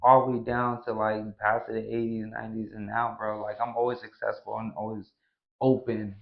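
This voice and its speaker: A man's voice: on the low side, level tone, brisk, vocal fry. A man hosting a podcast, chatting casually and agreeably, with plenty of slang and affirmations. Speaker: podcast host. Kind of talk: casual chat. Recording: dull lo-fi sound.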